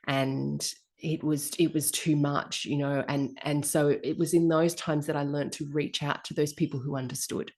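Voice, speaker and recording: A woman hosting a conversation, speaking in a gentle, reflective way. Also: low voice, flat delivery, normal speed, few pauses. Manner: gentle and reflective, with many soft affirmations.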